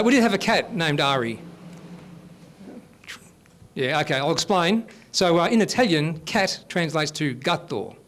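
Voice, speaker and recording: Brief: Australian male comic, fifties, fairly high for a man, deadpan stand-up host on a live stage. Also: slight background noise. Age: 50s. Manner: deadpan storytelling with blokey banter. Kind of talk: stand-up comedy set.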